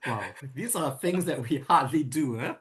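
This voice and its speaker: A man's voice: a little high, animated, normal speed. A man hosting an interview, asking curious follow-up questions in a casual, friendly way. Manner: curious, asks follow-up questions, laughs easily. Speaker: podcast host.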